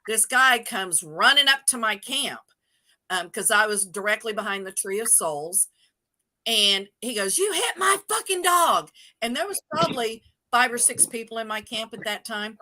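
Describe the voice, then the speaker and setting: A woman with a bright, forceful voice tells a story on a casual livestream. She swears freely and talks in an animated way. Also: mid-range voice. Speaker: show host.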